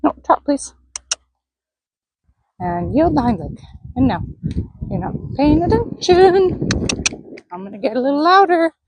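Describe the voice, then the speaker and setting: A woman training a horse on the lunge line, calmly explaining each step and praising the horse. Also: high-pitched, a little slow, pauses often, highs cut off, noisy background. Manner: calm coaching, talking to the horse. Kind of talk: narrated lunging session. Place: outdoor arena.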